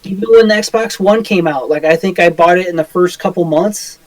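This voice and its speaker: Higher-voiced man ranting casually. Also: normal speed, no room sound, rough recording. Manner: rambling, swears a lot, full of "like" fillers. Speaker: podcast co-host. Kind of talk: casual chat.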